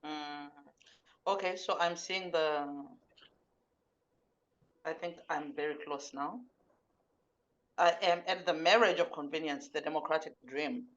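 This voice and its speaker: A woman hosting an online interview, playful and quick to laugh, heard over a video call. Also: deep voice, fairly bright tone. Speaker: host. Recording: dull lo-fi video call audio.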